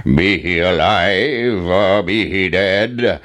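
A man voicing a huge wicked giant in a storybook reading, slow and booming. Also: fairly bright tone, exaggerated voice. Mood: menacing. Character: huge wicked male giant, gruff and menacing.

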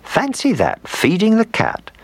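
A man voicing a kindly, doting old woman in a read-aloud storybook, with high sing-song exclamations. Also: wildly swooping pitch, measured pace, creaky, no room sound, exaggerated voice. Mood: delighted.

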